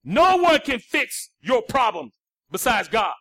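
A male pastor, preaching a sermon that swings between shouted lines and hushed, low passages. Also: sing-song, measured pace, no echo, studio quality.

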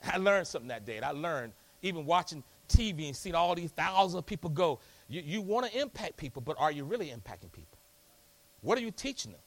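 A man preaching a lively sermon in a church, folksy and rousing, calling out to the congregation. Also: on the high side, fast. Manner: folksy, rousing, call-and-response. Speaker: pastor. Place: church hall.

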